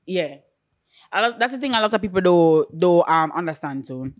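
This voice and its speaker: A woman's voice: fairly low pitch, moderate pace. A woman co-hosting a podcast, chatting casually and acting out the people in her stories. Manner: animated storytelling, acts out quoted exchanges. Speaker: podcast co-host. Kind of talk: casual chat.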